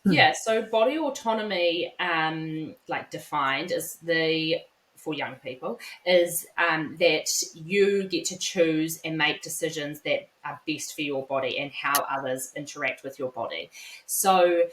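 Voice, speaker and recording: A woman in her thirties, a psychologist guest, explaining calmly with everyday examples. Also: low-pitched. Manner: calm, measured, explains with examples. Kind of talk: conversational explanation. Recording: roomy echo.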